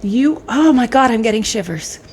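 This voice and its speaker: A woman from Canada giving an excitable, emotional tarot pick-a-card reading. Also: fairly high pitch, moderate pace, slight background noise. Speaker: tarot reader.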